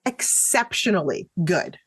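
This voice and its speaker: A young adult woman co-hosting a true-crime podcast, telling the story in a chatty, animated way and laughing often. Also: fairly low pitch, measured pace, slightly rough, soft background music. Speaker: podcast co-host. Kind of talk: casual true-crime chat.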